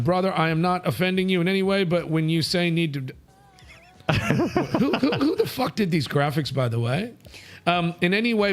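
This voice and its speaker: A male talk show host from India reads viewer comments live, blunt and brash, quick to joke and swear. His voice sits a little high for a man. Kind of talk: casual live show chat. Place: studio.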